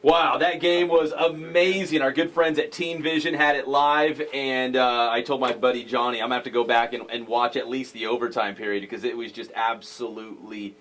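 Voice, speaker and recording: A man hosting a sports talk show, speaking in an excitable, jokey way. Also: mid-range voice, moderate pace, hardly any pauses.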